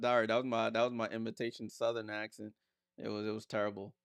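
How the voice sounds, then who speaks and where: Smooth-voiced man calling a game live. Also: fairly low pitch, flat delivery, fairly quick, no echo, clean studio sound. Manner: reads viewer comments aloud and answers them; blunt, teasing remarks about players. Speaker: watchalong streamer and commentator. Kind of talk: casual live play-by-play commentary.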